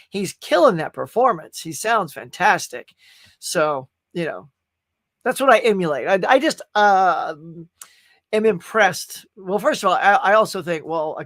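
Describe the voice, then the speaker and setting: A man hosting a casual live stream, rambling and animated as he reads viewer comments. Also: sits high, no room sound, clean studio sound. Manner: rambling, animated, full of restarts. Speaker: livestream host.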